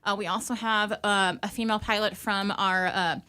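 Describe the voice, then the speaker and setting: A woman's voice: mid-range voice, steady tone, normal speed, pushed and bright, smooth. A woman airline pilot, guesting on a radio interview, speaking in an upbeat, enthusiastic way. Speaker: airline pilot and chapter vice president.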